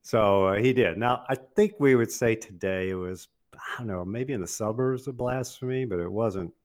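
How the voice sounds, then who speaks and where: An older man telling a funny personal story in an animated, casual way, often laughing and acting out what others said. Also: fairly low pitch, normal speed. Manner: laughs often while telling, acts out quoted voices.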